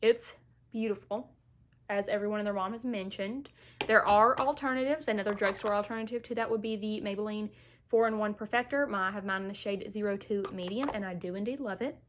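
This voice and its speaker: A woman's voice: medium pitch, brisk, a little hiss or hum. A young woman vlogger chatting casually through a makeup tutorial at home, playful and full of asides, a little short of breath while she recovers from illness. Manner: chatty, playful asides, Southern-style "y'all". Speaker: beauty vlogger.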